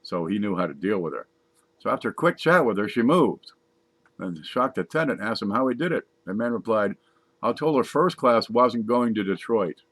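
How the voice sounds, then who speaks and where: A man's voice: lowish voice, sing-song, moderate pace, fairly bright tone, no room sound. A man casually reading jokes aloud, laughing at his own punchlines and adding wry asides. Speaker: comedy joke reader.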